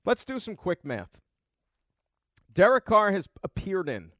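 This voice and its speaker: Emphatic high-voiced sports radio host. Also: male voice, big pitch swings, measured pace, pauses often, a bit bright, no room sound, studio quality. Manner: emphatic, argumentative, repeats points for effect. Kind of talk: sports talk radio monologue.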